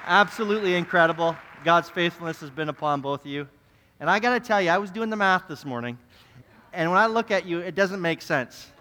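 A young man, a pastor telling a story in his sermon, earnest and animated, often repeating words as he goes. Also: high voice, fairly quick, a little hiss or hum. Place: church sanctuary. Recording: reverberant church hall.

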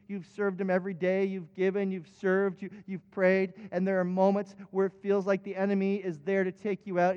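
A man's voice: high-pitched, a little mellow. A male pastor preaching a sermon with impassioned emphatic peaks. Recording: dull recording with long hall reverb.

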